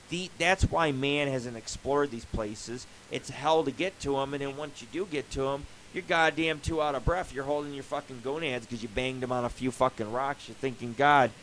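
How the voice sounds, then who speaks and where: A male radio host talks in a loose, rambling monologue and swears freely. His voice sits at a middle pitch. A faint hiss runs under the recording. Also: poor audio. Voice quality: profane, rambling storyteller. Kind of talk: casual live radio monologue.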